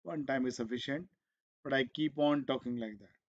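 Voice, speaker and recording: Throat-clearing man teaching medicine. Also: medium pitch, lo-fi sound. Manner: slow, repetitive explaining, switching into Hindi asides. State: coughing and clearing his throat often. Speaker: medical exam coaching teacher. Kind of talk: live exam revision lecture.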